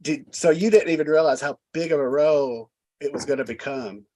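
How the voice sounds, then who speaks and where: A man's voice: a little high, brisk, a little mellow. A man hosting a casual interview, eagerly praising and prompting his guest like a fan. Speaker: host.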